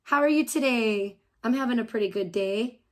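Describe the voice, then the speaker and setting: A woman's voice: fairly high pitch, moderate pace. A woman live-streaming from home, reacting to another stream with profane, mocking, sarcastic commentary.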